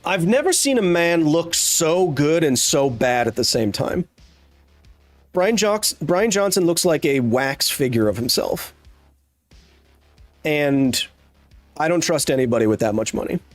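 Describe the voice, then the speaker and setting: A man's voice: on the high side, lively intonation, a little slow, pauses often, dry recording, soft background music. A man hosting a live stream, ranting casually in a sarcastic, exasperated way. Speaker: streamer host.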